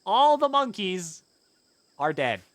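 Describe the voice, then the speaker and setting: A man's voice: high-pitched, big pitch swings, takes it slowly, fairly bright tone, no echo. A man streaming a colony game live, chatting casually with his viewers, answering their questions and swearing freely. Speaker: gaming streamer.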